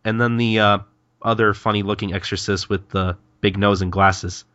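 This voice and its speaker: A man co-hosting a podcast talks through a manga chapter with a forceful, bright tone. His voice sounds close and dry on dull, lo-fi audio. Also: fairly low pitch, steady tone, normal speed, no echo. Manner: chatty, stumbling and laughing as he recaps. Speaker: podcast co-host. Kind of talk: casual chat retelling a manga chapter.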